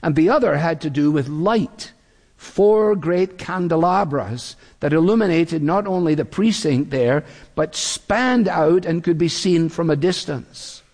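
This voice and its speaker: A man preaching a sermon in a measured, deliberate way, acting out the quotes he reads. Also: a little high, lively intonation, a little mellow. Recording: long reverb of a large hall.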